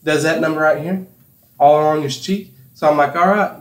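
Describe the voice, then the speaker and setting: A man's voice: a little high, steady tone, a little fast. A young man from Campbell County, Tennessee, hosting a casual podcast, telling rambling anecdotes and laughing often. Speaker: podcast host. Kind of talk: casual chat, storytelling. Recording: echoey room.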